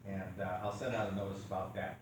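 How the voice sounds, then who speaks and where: Club officer guy reading out business, far off, noisy hiss behind. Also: low-pitched. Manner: relaxed, halting with fillers. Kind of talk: meeting business announcements. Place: meeting room. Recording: very echoey room from far off, noise.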